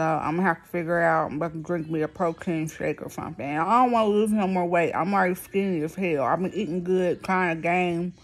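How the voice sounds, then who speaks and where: Woman lisping through a dental expander. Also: lowish voice. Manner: frustrated, blunt, slangy. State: speech thick and lisping from a new palatal expander. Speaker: vlogger. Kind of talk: casual venting to camera.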